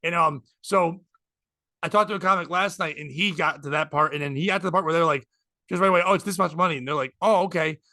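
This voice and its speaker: High, gravelly-voiced man rambling. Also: fast, no echo. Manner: rambling, animated storytelling. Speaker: podcast co-host. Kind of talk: casual comedic chat.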